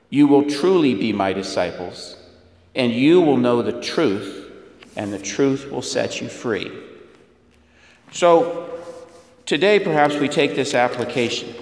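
A man preaching a Catholic sermon in a slow, emphatic way, repeating key words for weight. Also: mid-range voice, roomy sound, long reverb tail.

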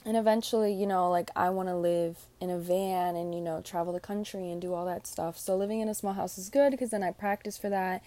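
Young woman, solo podcast host, earnest heartfelt talk, lots of fillers, mellow relaxed tone. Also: medium pitch, a little fast. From Puerto Rican. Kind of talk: reflective solo podcast monologue.

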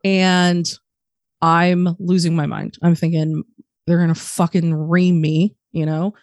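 A young adult woman on a podcast, candidly telling a personal story in a profane, animated way and acting out the voices of the people in it. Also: fairly low pitch, takes it slowly, no echo, clean studio sound. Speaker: podcast guest.

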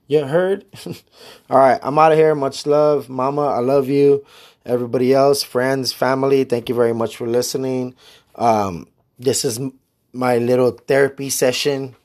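A man's voice: medium pitch, darkish tone. Laid-back slangy podcast guy. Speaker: podcast host. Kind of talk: casual solo podcast chat.

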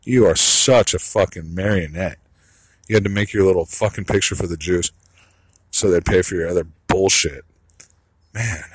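A man's voice: deep voice, slightly rough, no room sound, poor audio. A man delivering a rambling solo monologue, blunt and profane, trailing off into asides.

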